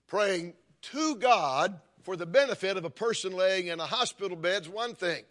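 A man's voice: high-pitched, animated, normal speed, fairly bright tone. Older man preaching with rising emphasis. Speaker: pastor. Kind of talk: sermon.

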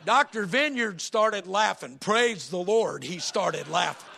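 A man preaches from the pulpit, his high voice raspy and gravelly as he tells folksy stories. His tone is bright and a little strained, and he keeps it animated throughout. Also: slow, a little hiss or hum. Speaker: pastor. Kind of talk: sermon.

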